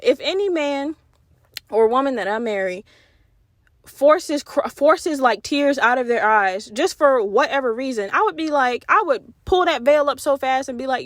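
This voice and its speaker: A young woman hosting a solo podcast, talking in a candid, profane, animated way. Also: fairly high pitch, brisk, dry recording, clean studio sound. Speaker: podcast host.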